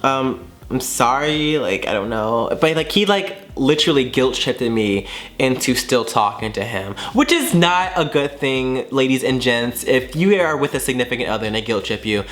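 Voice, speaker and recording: A young man telling a storytime vlog, animated and profane, acting out both sides of the exchanges. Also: mid-range voice, normal speed. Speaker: vlogger.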